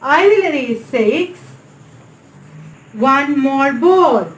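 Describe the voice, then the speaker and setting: A woman with a Pakistani English accent teaching a nursery maths lesson in a slow, sing-song way, repeatedly calling on the class. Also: sits high, expressive, reverberant, poor audio. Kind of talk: recorded online maths lesson for small children.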